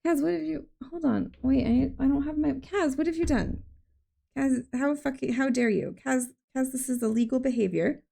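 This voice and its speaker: A young adult woman streaming a video game live, chatting excitedly with her viewers and gasping often. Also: sits high, normal speed, gravelly. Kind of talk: live gameplay stream chat.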